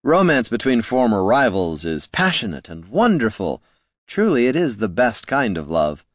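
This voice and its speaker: A man's voice: mid-range voice, sing-song, normal speed, no room sound, studio quality. A man voicing a smug, flamboyant male bard who teases in an airy, sing-song way. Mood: airy romantic.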